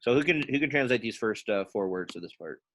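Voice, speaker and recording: A man's voice: medium pitch, lively intonation, quick pace, fairly bright tone. A man teaching a Latin class, casually quizzing students by name and thinking aloud as he works through sentences in a classroom. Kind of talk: classroom lesson.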